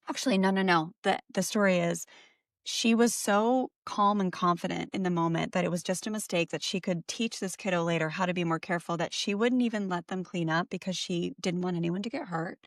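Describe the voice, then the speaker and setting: This middle-aged woman's voice is on the low side, captured in clean studio sound without echo. Co-hosting a parenting podcast, she tells a story in a casual, chatty way, full of fillers and correcting herself.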